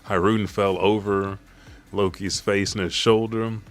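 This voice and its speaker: A man's voice: fairly low pitch, flat delivery, measured pace, soft background music. A man casually recapping a manga chapter, rambling and swearing.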